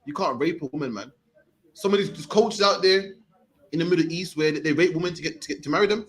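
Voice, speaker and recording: Preaching out on the street, a British man in his 30s speaks at a quick pace in a voice on the high side. He's emphatic, and "man" keeps showing up at the ends of his sentences.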